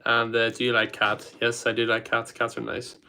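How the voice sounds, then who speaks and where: A man's voice: mid-range voice, completely flat delivery, moderate pace, creaky, pushed and bright. A man with a Northern Irish accent, a bit congested, casually chatting on his livestream and reading out viewer comments with plenty of fillers. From Northern Ireland. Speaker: livestream host.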